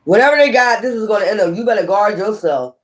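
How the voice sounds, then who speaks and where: A woman giving a casual, animated tarot reading, often scolding and repeating herself. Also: medium pitch, fast, noisy background. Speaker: tarot reader.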